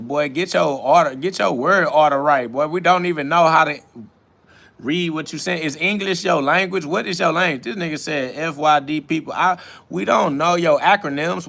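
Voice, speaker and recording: A livestream host answers chat comments in a casual, rambling way that turns mocking, preachy, and profane. His voice sits on the high side and is gravelly, bright, and forceful.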